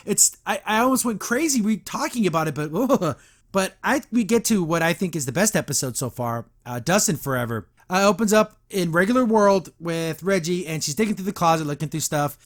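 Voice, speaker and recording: Excitable man recapping an episode. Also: high voice. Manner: rambling, exasperated, with frequent likes and restarts. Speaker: podcast host.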